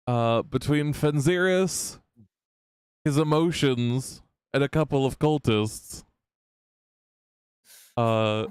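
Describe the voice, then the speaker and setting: A man narrating as game master of a tabletop game, with relaxed, halting narration full of fillers. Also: mid-range voice, clean tone, dry recording, clean studio sound.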